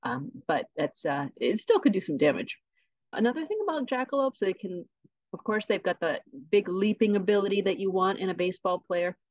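A woman guesting on a podcast, telling tall tales about a mythical animal with a deadpan delivery. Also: mid-range voice, fairly quick, dry recording, lo-fi sound. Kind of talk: tongue-in-cheek podcast interview.

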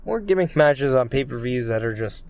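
A man's voice: mid-range voice, animated, moderate pace, vocal fry, a little mellow. A man co-hosting a casual wrestling podcast, rambling with many fillers and restarts. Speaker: podcast co-host.

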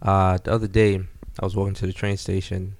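Young New man, podcast co-host; laid-back, low-voiced, says "yeah" in quick runs. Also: level tone, darkish tone. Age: 20s. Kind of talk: casual chat.

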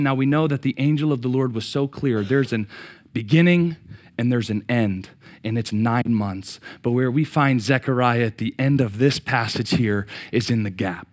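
A middle-aged man preaching a sermon, swinging from loud excited peaks to quiet reflection and repeating words as he restarts. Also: mid-range voice, normal speed. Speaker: pastor.

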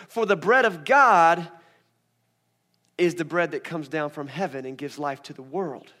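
A young adult man preaching a sermon as pastor, playful and animated, acting out scripture scenes in voices. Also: high voice.

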